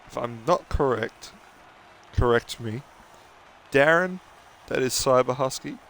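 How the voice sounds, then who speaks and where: A man's voice: medium pitch, slow pace, fairly bright tone, a little hiss or hum. A young man commentating a sim racing stream, chatting casually and joking with viewers and drivers. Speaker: race commentator.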